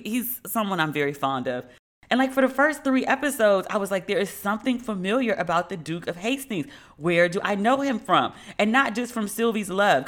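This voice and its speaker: A woman's voice: on the low side, a bit bright. A woman giving a casual, candid review monologue, talking bluntly in slang with many asides. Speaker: vlogger reviewing a TV series.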